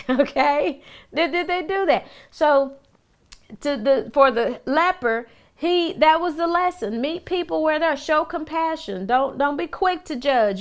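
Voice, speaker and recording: A woman's voice: sits high, fairly bright tone. A middle-aged woman, a minister giving a conversational Bible teaching, talking to her listeners with rhetorical questions and frequent restarts.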